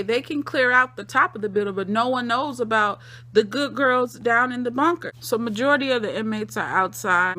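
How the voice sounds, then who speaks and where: A woman's voice: on the high side, pushed and bright. A woman casually recapping and reacting to a TV episode, in a slangy, conversational way, with emphatic repeated phrases. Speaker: TV episode reviewer.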